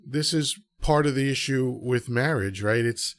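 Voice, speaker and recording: A man's voice: medium pitch, measured pace, no echo. A man hosting a live audio show, talking casually to listeners and throwing out rhetorical questions. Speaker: podcast host.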